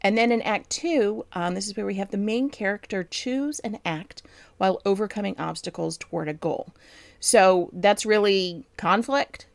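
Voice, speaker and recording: A woman's voice: mid-range voice, moderate pace, vocal fry, dry recording. A woman co-hosting a chat show, explaining writing craft in a thoughtful way with frequent ums. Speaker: podcast co-host, book editor.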